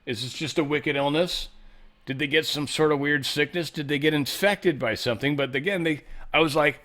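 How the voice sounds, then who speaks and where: Rambling, joking male host. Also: normal speed. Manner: swings pitch and loudness a lot. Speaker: show host. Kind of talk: casual news commentary.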